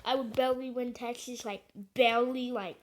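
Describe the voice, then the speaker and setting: A woman's voice: a little high, fairly even intonation, normal speed, noisy background. A woman chatting casually over an election map, rambling and hesitant with lots of fillers and joking asides. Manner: joking, self-deprecating asides. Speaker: video creator.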